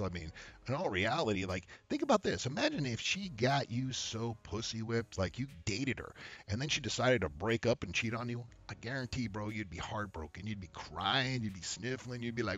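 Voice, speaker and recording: A husky man rants bluntly about dating to camera, his pitch swinging widely as he mimics others with a mocking tone. He swears freely and laughs between points. The sound is dull and lo-fi. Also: very animated, fairly quick. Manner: blunt and profane, acts out quotes in high mocking voices, laughs often. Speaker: dating advice host. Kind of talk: casual advice rant to camera.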